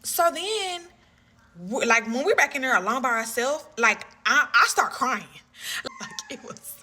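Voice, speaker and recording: Bright, chatty woman telling a story. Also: sits high, unhurried. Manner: animated, heavy on "like" and "you know what I'm saying". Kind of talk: casual storytime vlog.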